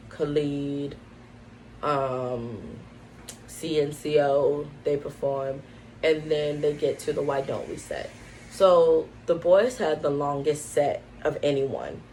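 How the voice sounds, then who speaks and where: A young woman vlogger with a low-pitched, darkish voice tells a casual story at home indoors, peppering it with lots of "like" and "um" fillers. The recording is low quality, with slight background noise.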